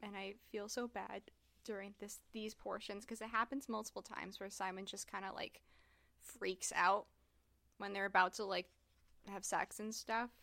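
A woman's voice: medium pitch, flat delivery, moderate pace, vocal fry, sharp tone, dry recording. A woman recapping a book in casual podcast chat, talking loosely with lots of "like" and "um.". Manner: chatty, heavy use of "like" and "um". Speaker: podcast co-host discussing a book.

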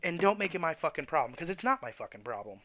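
A young man rants with blunt, profane exasperation. His voice sits a little high for a man. The recording is dry and close, with no room sound. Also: sing-song, fast talker, bright, forceful tone, no echo. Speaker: podcast host. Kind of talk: ranting monologue.

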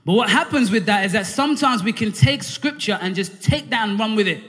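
A man's voice: high-pitched, animated, a little fast, a bit bright. A man preaching a sermon in a church, talking conversationally and drawing the congregation into call and response. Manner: conversational, with frequent fillers and restarts. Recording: hall reverb.

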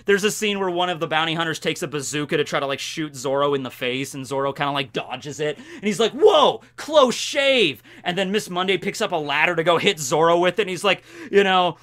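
A young man recaps a story in a casual vlog, talking with animated enthusiasm. His voice is slightly high and has a bright, forward edge. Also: fast talker, hardly any pauses. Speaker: anime commentator.

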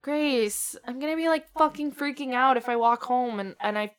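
A woman chatting casually while reacting to a film. She is excitable and exclamatory, laughs often and swears freely. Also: high-pitched, normal speed. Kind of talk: casual watch-along chat.

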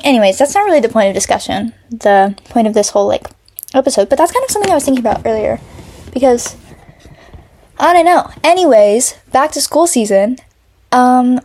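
A woman's voice: fairly high pitch, darkish tone. A teenage girl hosting her own podcast, rambling casually with lots of fillers and restarts from her bedroom. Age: teens. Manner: rambling, filler-heavy, self-interrupting. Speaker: podcast host. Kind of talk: casual solo podcast chat.

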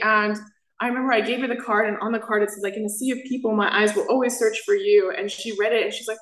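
A woman's voice: fairly high pitch, fairly even intonation, quick pace, a bit bright. Twenties woman telling her recovery story, says like every other word, roomy echo around her. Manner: rambling, heavy with "like" fillers. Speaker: main speaker at a recovery meeting. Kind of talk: personal recovery share. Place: meeting room.

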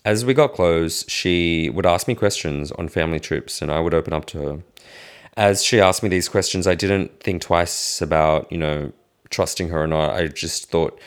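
Deep gravelly young man, candid. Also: moderate pace. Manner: frank and casual, swears freely, restarts sentences. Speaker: vlogger. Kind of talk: candid personal storytelling to camera.

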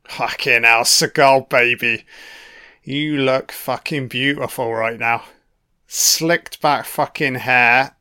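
A man's voice: mid-range voice, fairly even intonation, takes it slowly, pushed and bright, clear, resonant tone. A man giving a casual, profanity-filled commentary on a film, reacting to scenes as they play. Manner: heavy swearing, chatty reactions.

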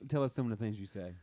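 A man's voice: lowish voice, mellow, no room sound, studio quality. A man chatting casually with friends, joking crudely and laughing often. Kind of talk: casual chat.

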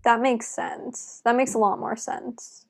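A woman chatting on a video call, quick and teasing, with exclamations. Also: fairly high pitch, level tone, slight background noise. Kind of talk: casual family chat.

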